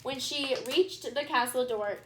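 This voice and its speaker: A woman reading a children's picture book aloud in a gentle, steady storytelling manner. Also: high-pitched, measured pace, noisy background. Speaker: storybook reader.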